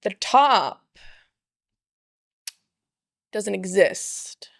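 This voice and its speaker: A woman chatting casually as a podcast guest, playful and animated, acting out her own inner voice. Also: mid-range voice, slow pace, creaky, no echo, clean studio sound. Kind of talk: casual chat.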